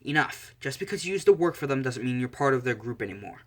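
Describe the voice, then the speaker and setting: A man's voice: medium pitch, steady tone, very fast, pushed and bright, close to an everyday voice. A man voicing a firm, protective young female student, speaking commandingly.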